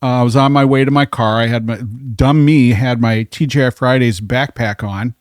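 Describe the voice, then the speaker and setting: Guy telling a wild story at a bar, acts out the voices, dry close mic, middle pitch. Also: normal speed, dry recording. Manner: animated storyteller acting out quotes. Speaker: podcast guest. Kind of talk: casual storytelling.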